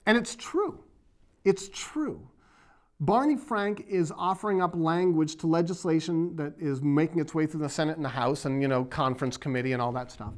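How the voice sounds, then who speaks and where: A man from the area, hosting his own video blog and ranting about politics in a rambling, sarcastic, emphatic way. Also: on the high side. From Boston area, USA.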